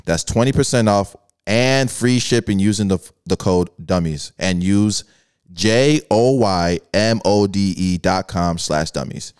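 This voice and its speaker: A man's voice: low voice, a little slow, a little mellow, clear, resonant tone, no room sound. Laid-back, laughing co-host man, dry sound. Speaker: podcast co-host. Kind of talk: casual comedic chat and ad read.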